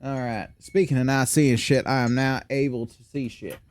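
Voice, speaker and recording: Streaming gameplay live, this young man keeps up profane, easygoing chatter in an exaggerated Southern drawl, though he's from Michigan and grew up mostly in the South. His voice is mid-range and darkish, fairly even in intonation, at a normal speed on a dry recording.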